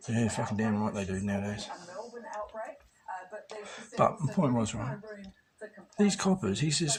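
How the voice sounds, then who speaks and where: A man's voice: on the low side, normal speed, long pauses, crowd noise. Swearing Australian man ranting. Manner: heavy swearing, rambling, conspiratorial. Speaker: vlogger addressing preppers. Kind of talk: rambling profane rant.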